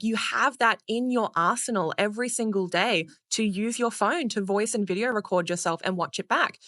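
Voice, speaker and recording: An Australian public speaking coach gives energetic, playful advice during a podcast interview, swearing casually now and then. Her voice sits a little high, and the recording is dry.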